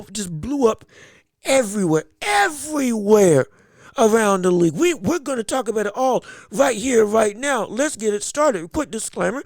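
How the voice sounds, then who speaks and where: Hyped sing-song podcast host, high and lively. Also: male voice, dry recording, clean studio sound. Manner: hyped, theatrical, sing-song delivery with exclamations. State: sick, under the weather. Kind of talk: excited solo sports podcast talk.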